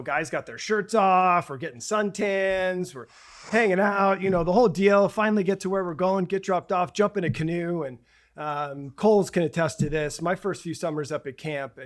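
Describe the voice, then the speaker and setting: A man in his forties telling a long personal story as a podcast guest, halting and restarting often, then growing animated as he relives the scenes. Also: a little high.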